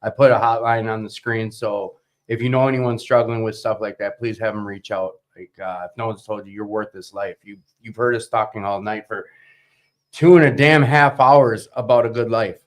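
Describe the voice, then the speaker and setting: A man hosting a casual recovery talk show, excitable and quick to swear and laugh. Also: fairly low pitch. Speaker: podcast host.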